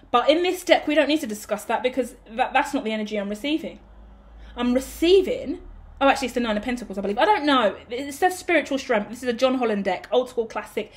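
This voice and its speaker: Woman, tarot reader, casual to-camera reading, excitable, slightly high voice. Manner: excitable, shouts and laughs, swears casually.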